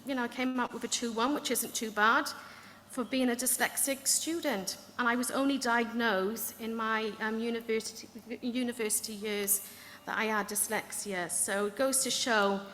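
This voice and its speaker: A woman giving an earnest, heartfelt speech about her learning, with quick asides. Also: a little high, fairly even intonation, fairly bright tone, slight background noise. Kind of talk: personal story speech. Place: event hall. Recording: echoey hall with faint ambience.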